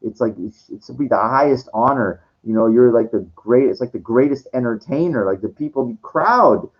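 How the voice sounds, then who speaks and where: A man talks through a loose, rambling monologue, cursing freely and tripping over his own sentence starts. His pitch swings widely as he goes. The recording sounds dull and lo-fi. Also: expressive, normal speed, few pauses. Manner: rambling, profane, many restarts and fillers. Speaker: vlogger.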